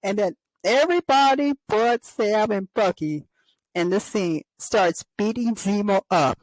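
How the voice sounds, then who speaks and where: A woman's voice: mid-range voice, measured pace, no room sound, low-quality recording. A woman hosting a casual fan show, rambling and giggling as she retells scenes. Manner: giggly, rambling, frequent laughs. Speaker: host of a toy fan show. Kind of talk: casual chat with skits.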